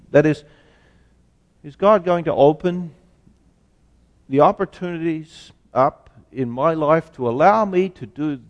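A man preaching a sermon as pastor, slow and deliberate, asking rhetorical questions. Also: a little high, a little mellow, muffled recording. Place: church sanctuary. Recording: long church reverb.

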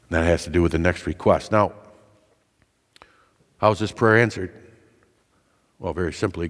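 A man preaching a sermon, building to rising emphatic peaks and then dropping to quiet appeals. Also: low voice. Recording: long hall reverb.

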